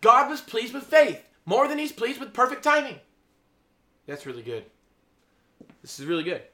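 A man preaching an informal sermon, excitable, laughing, then dropping to a hushed, awed tone. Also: extremely high pitch, moderate pace.

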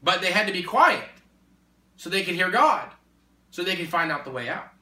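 A man preaching in a conversation, emphatic and repetitive, building to forceful exhortation. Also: sits high, big pitch swings, moderate pace. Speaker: Christian speaker. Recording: echoey room, distant mic.

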